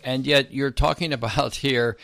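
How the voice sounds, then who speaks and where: A man hosting an interview, asking measured, thoughtful questions about parenting. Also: medium pitch, steady tone, vocal fry, a bit bright, no room sound. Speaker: interview host.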